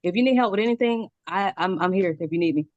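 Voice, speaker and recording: A woman in her forties rattles along at high speed, bubbly and eager, laughing between sentences and still catching her breath. She is on a video call from home, and the sound is dry and slightly dull. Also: no room sound. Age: 40s. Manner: very fast, excited, laughs often. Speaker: community member sharing a testimonial. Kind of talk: casual call testimony.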